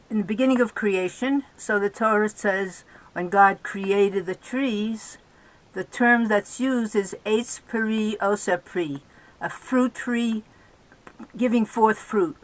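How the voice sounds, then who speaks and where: An older woman giving a gentle spiritual teaching on a video call, explaining slowly with small restarts. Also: medium pitch, poor audio. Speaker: guest teacher. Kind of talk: teaching in a virtual group call.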